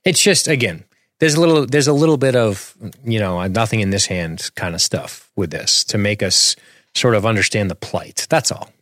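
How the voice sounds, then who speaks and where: Low-voiced man in casual podcast chat. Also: moderate pace, a bit bright, dry recording, clean studio sound. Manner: candid, quotes dialogue, swears casually. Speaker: podcast co-host. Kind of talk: casual TV episode discussion.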